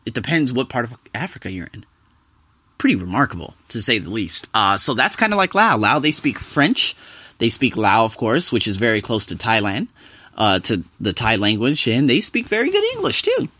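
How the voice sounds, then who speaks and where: A young man vlogs to his audience with a bright, clear voice that rides a lively, swooping melody. He sounds close and dry, with no room echo. His chatty delivery jumps from loud bursts to low asides. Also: moderate pace. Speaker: vlogger living abroad. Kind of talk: casual talk to camera.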